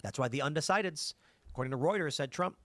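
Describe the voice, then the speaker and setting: A man's voice: on the high side, fast, no room sound, studio quality. A man hosting a casual political chat, reading viewer comments and acting out everyday people's voices. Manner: animated, acts out voices of others in anecdotes.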